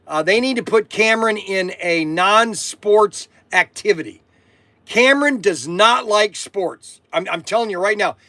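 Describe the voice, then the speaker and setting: Excitable rambling man in his 60s. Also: high-pitched, unhurried, no echo. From Ohio, USA. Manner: excitable, rambling, repeats himself. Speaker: toy shop host. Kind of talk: rambling live-stream chat.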